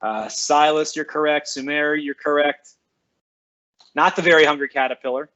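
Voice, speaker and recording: A male school librarian with a voice on the high side, pushed and bright, chats casually with students during a live stream at a moderate pace and steady tone. He cheerfully reads out their names and comments and replies, in lo-fi sound.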